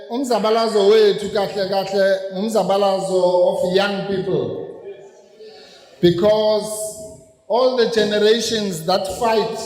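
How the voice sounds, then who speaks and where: A South African man giving a political lecture at a rally, rousing and then deliberate as he explains, slipping into Zulu phrases. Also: high voice, darkish tone. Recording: echoey hall with long reverb.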